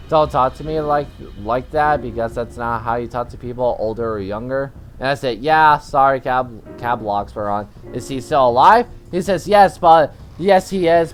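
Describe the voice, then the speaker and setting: Teenage boy rambling through a chat-log story. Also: medium pitch. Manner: rambling, stumbling restarts, replaces swears with "you know what". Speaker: channel host. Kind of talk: casual storytelling, reading chat messages aloud.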